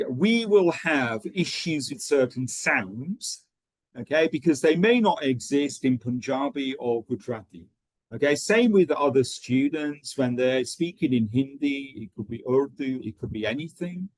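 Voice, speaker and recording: A man running an online teacher training session, talking in a steady rhythm with frequent ums and okays. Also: mid-range voice, measured pace, no room sound, rough recording.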